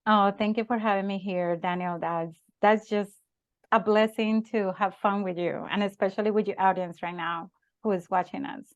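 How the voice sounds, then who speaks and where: A woman's voice: medium pitch, fairly even intonation, normal speed, no room sound, highs cut off. A woman from Colombia with a Colombian accent, a native Spanish speaker, speaking as a leadership coach and guest in a cheerful, earnest way. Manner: cheerful, earnest, laughs often. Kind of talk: interview conversation.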